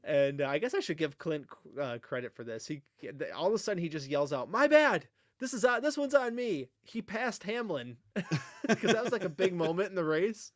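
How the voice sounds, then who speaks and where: Co-hosting a podcast, a man chats casually, joking and laughing often. His voice sits a little high and sounds animated at a moderate pace, recorded clean in a studio with no echo.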